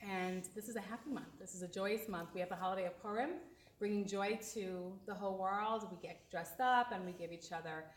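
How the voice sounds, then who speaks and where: A woman's voice: mid-range voice, brisk, a little hiss or hum. A woman introducing a comedian at an event, praising her with loose, chatty phrasing and fillers. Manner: warm praise with fillers and restarts. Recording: echoey room from far off.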